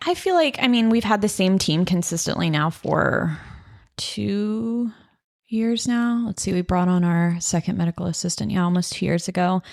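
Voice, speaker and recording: A woman's voice: fairly low pitch, lively intonation, normal speed, gravelly, darkish tone, no echo, clean studio sound. A woman co-hosting a podcast, chatting candidly and laughing at herself. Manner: candid, self-deprecating, laughs often. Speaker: podcast co-host, orthopedic PA. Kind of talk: casual chat.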